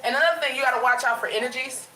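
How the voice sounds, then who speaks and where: A woman's voice: sits high, very fast, bright, forceful tone, echoey room, low-quality recording. A woman chatting casually with viewers from her bedroom, talking in a loose, rambling way with a runny nose. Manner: chatty, addresses viewers as y'all, lots of restarts. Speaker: vlogger. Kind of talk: casual livestream chat.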